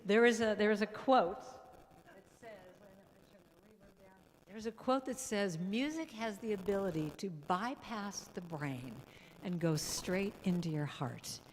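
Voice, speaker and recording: A woman guest speaker and musician giving a playful, animated spiritual talk in a church hall, now and then breaking into song. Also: medium pitch, slow pace. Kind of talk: lively spiritual talk with singing.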